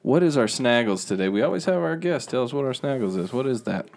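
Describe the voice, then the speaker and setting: A man's voice: medium pitch, expressive, quick pace, creaky, darkish tone, a little hiss or hum. A man co-hosting a casual podcast, loose and joking, his words slightly slurred. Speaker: podcast co-host. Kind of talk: casual chat.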